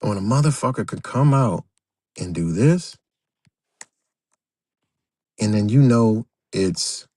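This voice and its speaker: A man's voice: lowish voice, expressive, slow, long pauses, warm tone, no echo. A man hosting a livestream, ranting unscripted, profane and emphatic, repeating himself and talking straight to his viewers. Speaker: livestream host.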